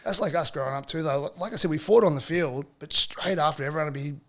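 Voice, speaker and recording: A middle-aged Australian man, a podcast guest, telling relaxed stories in casual chat with broad slang. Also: a little high, quick pace. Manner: laid-back storyteller, broad slang.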